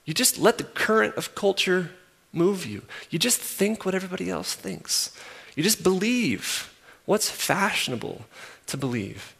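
A man's voice: sits high, expressive, measured pace, creaky, few pauses, slightly rough. Emphatic preacher man in a big hall. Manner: emphatic, repeats phrases, swings from loud to soft. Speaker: pastor. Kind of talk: sermon. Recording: long hall reverb.

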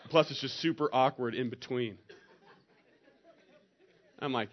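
A man's voice: medium pitch, steady tone, moderate pace, long pauses, dull audio. A man preaching a sermon in a conversational, storytelling way, pushing up into emphatic rises. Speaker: pastor.

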